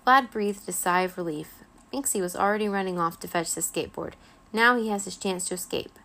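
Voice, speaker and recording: A woman reading a children's chapter book aloud at bedtime. Her voice has a gravelly, creaky texture, and her reading is gentle and expressive. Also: medium pitch, brisk. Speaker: children's story reader. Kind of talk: bedtime story read-aloud.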